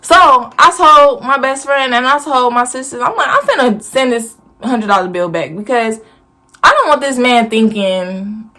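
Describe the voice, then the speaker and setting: A woman's voice: mid-range voice, fairly bright tone. A woman in her twenties telling a personal story to camera in a casual, blunt and profane storytime rant. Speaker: vlogger.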